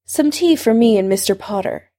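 A woman voicing an old male headmaster wizard who speaks in a measured, dry, quietly pressing way. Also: fairly high pitch, expressive, lightly acted. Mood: probing.

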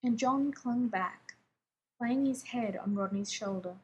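A woman reading fiction aloud in a steady, even narrating voice. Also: fairly high pitch, takes it slowly, lo-fi sound, slight background noise.

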